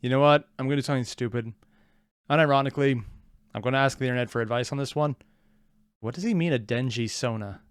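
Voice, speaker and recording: Give me an excitable man rambling through a reaction video, recorded dry. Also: mid-range voice, fast, pauses often, smooth, no echo. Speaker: reaction channel host. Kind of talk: casual reaction commentary.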